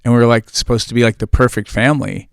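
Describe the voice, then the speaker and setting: A man's voice: mid-range voice, steady tone, quick pace, smooth, no echo, clean studio sound. A man from New England speaking on a discussion panel, telling personal stories earnestly. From New England, United States. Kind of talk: podium discussion.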